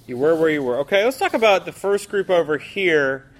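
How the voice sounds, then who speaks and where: Guy teaching a bible class, kinda high voice, talks loose with lots of um and restarts. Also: expressive, fairly quick. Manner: loose, conversational, with fillers and restarts.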